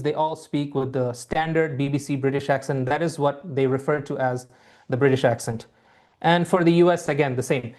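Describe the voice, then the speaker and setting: An IELTS teacher in an online lesson talks students through the material. The delivery is repetitive and reassuring, full of ums and restarts, at a middling pitch. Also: darkish tone.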